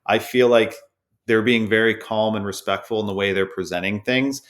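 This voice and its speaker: A man guest on a podcast, chatting in an easygoing, measured way. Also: fairly low pitch, steady tone. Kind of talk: casual conversation.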